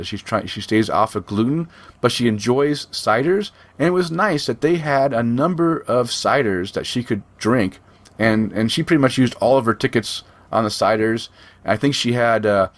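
Middle-aged man for relaxed conversational talk, loose and rambling delivery, average pitch. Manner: rambling, conversational, frequent restarts. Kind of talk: casual chat.

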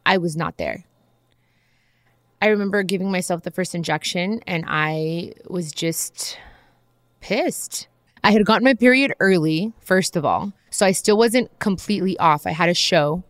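A woman's voice: medium pitch, brisk, dry recording, clean studio sound. A woman hosting a podcast, telling a personal story in a candid, casual way, talking straight to her listeners and acting out the people she quotes. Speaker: podcast host.

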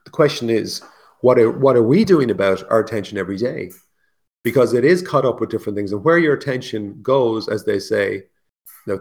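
A man's voice: mid-range voice, vocal fry, darkish tone. A man hosting a solo podcast, talking casually and reflectively, with asides and self-mocking humor. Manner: casual, musing, laughs at his own jokes. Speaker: podcast host.

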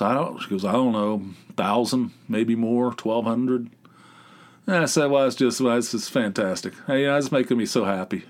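Rambling, sarcastic man telling a story. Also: medium pitch. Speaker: podcast host. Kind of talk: casual storytelling monologue.

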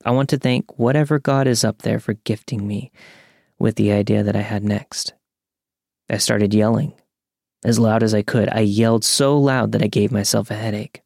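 A young man calmly narrating a true scary story from a script. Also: lowish voice, vocal fry, dry recording, clean studio sound. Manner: calm, measured storytelling.

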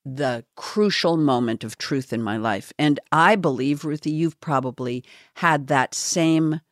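A woman hosting a podcast, talking in an earnest, halting and openly confessional way. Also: low-pitched, dry recording, clean studio sound. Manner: earnest, halting, self-revealing. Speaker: podcast host.

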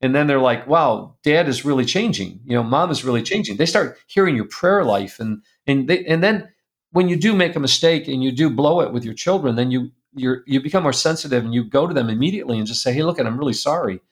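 A middle-aged man telling a personal story as a guest, earnest and confessional, going soft and quiet at the painful parts. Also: mid-range voice, lively intonation, a little fast. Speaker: guest speaker.

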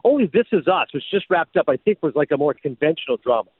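A man's voice: on the high side, fast talker, slightly rough, dry recording, phone-quality sound. A man, a former sportscaster, telling stories in a casual chat and slipping into an announcer voice now and then. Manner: animated storyteller, slips into announcer voice. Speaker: podcast host and former sportscaster.

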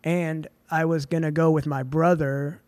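A young man with a somewhat higher voice tells his story on a podcast, loose and chatty, full of filler words. The sound is dry and close. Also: measured pace, no echo. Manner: relaxed and chatty, full of "like" and "dude". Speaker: film writer and director, podcast guest. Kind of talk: casual storytelling in a podcast interview.

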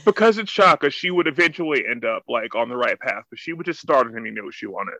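A man co-hosting a casual chat, telling stories in a dry, measured way. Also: mid-range voice, expressive, bright, forceful tone, no echo, highs cut off.

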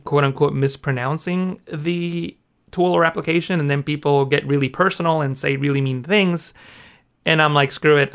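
A man who is a guest on a podcast, chatting casually and laughing often as he tells stories. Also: on the high side. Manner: laughs often, animated storytelling. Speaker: podcast guest, YouTube creator.

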